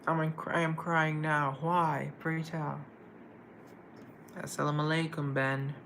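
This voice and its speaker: Live stream host, male, gravel in the voice, chatty and easygoing with viewers, faint hiss behind him. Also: a little high, flat delivery, a little slow, a bit bright, rough recording. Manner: chatty, greets viewers and answers chat comments. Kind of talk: casual live stream chat.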